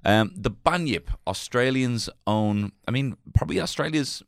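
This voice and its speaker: A man's voice: mid-range voice, animated, moderate pace, vocal fry, no room sound, clean studio sound. A man hosting a podcast in a loose, rambling, crude joking way. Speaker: podcast host. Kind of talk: casual podcast chat.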